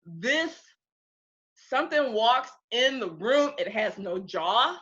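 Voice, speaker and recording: A lively woman from the United States recounts stories in a casual interview, her bright voice leaping across a wide range. She laughs, swears freely and acts out quotes. The recording is dull and lo-fi. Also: fairly high pitch, slow pace. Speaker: interview guest.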